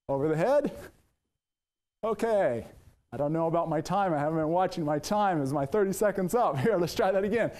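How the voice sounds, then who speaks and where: A man's voice: sits high, expressive, fairly quick, a little mellow. A man, a nurse, teaching a workout and counting out the moves, upbeat and a little out of breath at times. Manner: upbeat coaching, counting out moves while exercising. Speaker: nurse demonstrating exercise. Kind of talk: exercise demonstration lesson.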